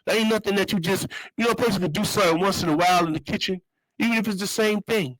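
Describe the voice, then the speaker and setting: Casting: man, raised-pitch voice, streetwise slang, repetitive casual storytelling, dry close mic. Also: very fast, fairly bright tone, no room sound, poor audio. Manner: streetwise slang, repeats phrases, loose storytelling. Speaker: show host. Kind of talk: casual monologue.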